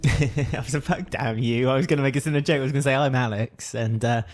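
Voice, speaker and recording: Lively man chatting on a podcast. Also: medium pitch, fast talker, faint music behind. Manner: lively, laughs often, acts out quotes. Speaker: podcast co-host. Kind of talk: casual chat.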